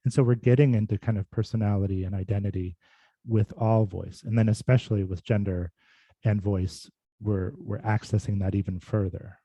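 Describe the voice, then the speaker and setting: A man's voice: lowish voice, steady tone, moderate pace, mellow, husky, no room sound, lo-fi sound. A man who works as a speech and voice clinician, giving a casual, thoughtful talk full of fillers and restarts over a video call. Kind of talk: casual informal presentation.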